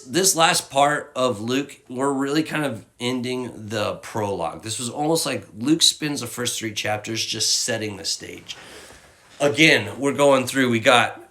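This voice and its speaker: Man, casual devotional talk: rambling, candid, bright tone, lowish pitch, tearful at times. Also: gravelly. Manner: candid and rambling, with fillers and slang. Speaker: youth ministry leader.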